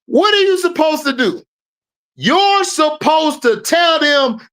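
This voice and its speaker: Animated trash-talking woman host. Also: sits high, takes it slowly. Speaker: show host, sports commentator. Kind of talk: casual sports commentary.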